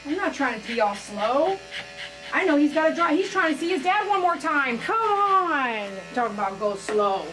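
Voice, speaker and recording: A woman's voice: high-pitched, big pitch swings, moderate pace, fairly bright tone, faint music behind, low-quality recording. A woman dog groomer talking casually and with feeling while she works, often saying "man". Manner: emotional, heartfelt, says "man" often. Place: grooming salon.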